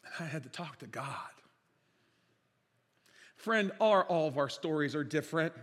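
A man preaching a sermon as pastor, impassioned, swinging between loud declarations and quiet storytelling. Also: a little high, expressive, unhurried. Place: church sanctuary. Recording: reverberant church hall.

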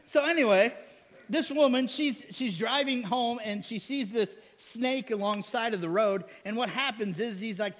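A male pastor preaching a sermon in a lively way, asking "amen?" and chuckling with the congregation. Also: very high voice, normal speed, long reverb tail.

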